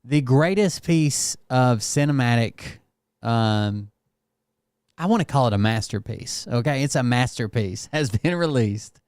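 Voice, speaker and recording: A man's voice: mid-range voice, animated, a little slow, darkish tone, smooth, no echo, studio quality. A man hosting a casual show, talking in a loose, rambling and profane way. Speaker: host. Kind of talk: casual chat.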